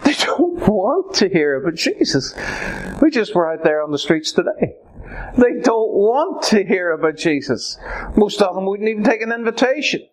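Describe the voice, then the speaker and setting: A man preaching a sermon, swinging from loud cries to hushed whispers. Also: sits high, big pitch swings, moderate pace.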